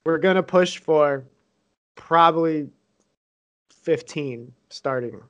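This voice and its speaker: A young man with a voice a bit higher than most, talking in loose, joking podcast banter. He swears freely and teases his co-host while giving updates. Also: slow, a bit bright, dull audio. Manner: joking, profane, teasing. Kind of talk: casual banter.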